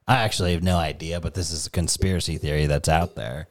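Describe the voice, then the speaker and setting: A deep, low-pitched man with a New England accent holds forth on a casual podcast. He swears freely and slides into animated, joking rants, with his voice sitting well below most men's. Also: fast talker, few pauses. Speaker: podcast co-host.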